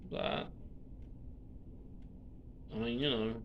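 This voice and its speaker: A man's voice: mid-range voice, fairly even intonation, takes it slowly, muffled recording, slight background noise. A man in his forties with an Alabama accent, ranting casually to his viewers in a rambling, profane, drawling way. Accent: Alabama Southern US. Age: 40s. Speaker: vlogger.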